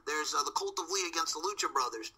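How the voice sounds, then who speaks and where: A man guesting on a casual podcast, telling his take in an animated way. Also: fairly high pitch, quick pace, husky, low-quality recording. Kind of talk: casual chat.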